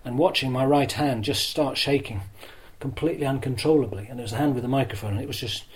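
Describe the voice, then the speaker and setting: An older man, a former broadcaster being interviewed, telling self-deprecating stories in a chatty, lively way. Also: mid-range voice, fast talker, low-quality recording. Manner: lively storyteller who acts out crowd shouts. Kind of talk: anecdotal interview storytelling.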